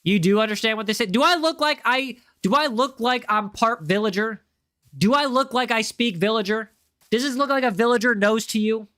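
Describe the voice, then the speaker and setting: A man's voice: extremely high pitch, fairly quick, sharp tone, smooth, dry recording, clean studio sound. A man streaming a game live, joking around and talking to his chat in a playful way. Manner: playful, jokey, chatting with viewers. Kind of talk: live gameplay commentary.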